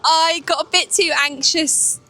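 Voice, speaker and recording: A woman's voice: extremely high pitch, fairly even intonation, measured pace, sharp tone, faint music behind. A young woman vlogging in casual chat at a theme park, laughing often as she talks.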